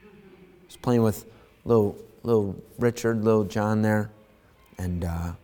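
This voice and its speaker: A male pastor preaching to his congregation in a loose, conversational way. He swings between quiet asides and loud, animated stretches, pushing his pitch up when he acts out a scene. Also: a little slow. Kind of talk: sermon. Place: church sanctuary.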